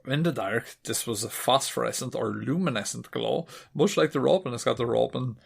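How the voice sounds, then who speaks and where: A man's voice: medium pitch, fairly quick, vocal fry, slightly rough. A man co-hosting a podcast, chatting casually, telling a story and cracking jokes with frequent laughs. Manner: laughs often, jokey asides. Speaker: podcast co-host.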